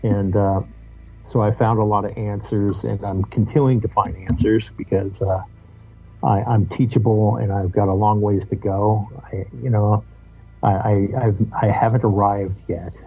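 A man with a low, husky voice talks as a podcast guest, candid and reflective, cursing casually as he opens up. The sound is muffled and lo-fi. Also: little pitch movement, unhurried, faint music behind. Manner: candid, reflective, loose and swearing. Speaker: guest musician. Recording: muffled lo-fi audio.

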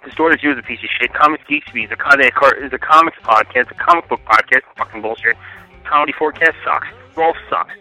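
Fast, ranting man on a voicemail. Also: mid-range voice, sharp tone, no echo, faint music behind, poor audio. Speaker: caller leaving a voicemail. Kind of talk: angry phone rant.

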